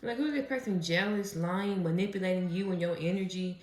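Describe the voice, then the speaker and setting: A woman with a lowish voice chats her way through a casual tarot reading, blunt and salty, laughing often. Her voice rings a little in a roomy space. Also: a little fast, a little mellow. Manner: chatty, profane, laughs often. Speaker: tarot reader. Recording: roomy echo.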